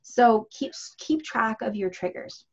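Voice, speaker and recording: A woman's voice: a little high, expressive, measured pace, slightly rough. A woman parenting coach giving advice in a chatty way, full of fillers and restarts. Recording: dull lo-fi audio.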